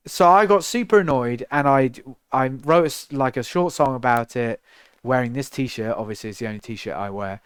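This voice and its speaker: A young English man, a musician on a livestream, ranting to his chat in an exasperated, animated way with lots of rhetorical questions. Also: mid-range voice, smooth, no room sound, clean studio sound. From England. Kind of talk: casual rant to stream chat.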